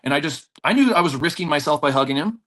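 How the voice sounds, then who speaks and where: A man's voice: on the high side, fast talker. A man who runs a jiu-jitsu school, guest on a podcast, telling stories with energy, acting out the people in them and laughing often. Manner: animated storyteller, acts out voices, laughs often. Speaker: jiu-jitsu black belt and gym owner, podcast guest. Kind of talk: storytelling in a podcast interview.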